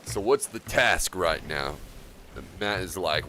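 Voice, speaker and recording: A man casually commentating his game stream, relaxed and rambling, often chuckling as he talks. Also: low voice, slow, a little hiss or hum.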